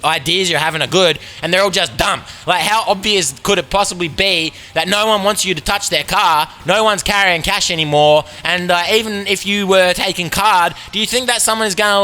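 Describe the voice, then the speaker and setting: A man's voice: high-pitched, sharp tone. A man with an Australian accent hosting a podcast, ranting in a sarcastic, profane, riffing way. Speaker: podcast host. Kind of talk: casual comedic rant.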